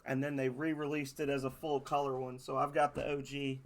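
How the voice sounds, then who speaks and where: A man streaming a video game live, chatting excitedly with viewers and laughing often. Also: mid-range voice, a little fast, a little hiss or hum. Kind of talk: live-stream gaming commentary. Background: video game music.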